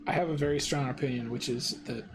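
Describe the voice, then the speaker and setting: A man's voice: medium pitch, fast. A man co-hosting a board game playthrough, chatting in a joking, easygoing way. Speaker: podcast co-host and game player. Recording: clear background noise.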